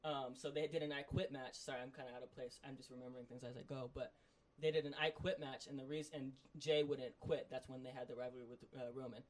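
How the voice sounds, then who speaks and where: Fast, rambling male podcast co-host. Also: medium pitch. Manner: excited rambling recap full of "like". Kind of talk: casual chat.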